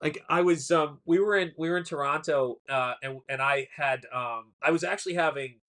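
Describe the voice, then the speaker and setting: A man hosts a casual livestream chat in a fairly high-pitched, fairly bright voice at normal speed. He rambles through long stories, often restarting and laughing.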